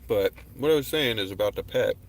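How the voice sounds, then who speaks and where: A man's voice: fairly low pitch, animated, a little fast, slight background noise. A man hosting a casual livestream, talking in a rambling, laid-back, slangy way into his webcam. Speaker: livestream host. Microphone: webcam on a desk.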